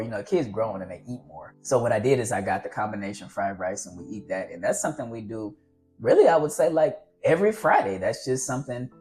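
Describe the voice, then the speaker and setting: A man's voice: on the low side, darkish tone. A man vlogging casual, earnest advice on fatherhood, rambling and encouraging as he talks to his viewers. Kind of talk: casual advice talk to camera.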